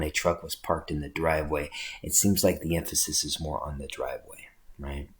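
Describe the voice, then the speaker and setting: Male English instructor, very low voice, patient explanatory lecture delivery. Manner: explanatory, checks in with "right?". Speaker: English teacher. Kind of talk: recorded lecture.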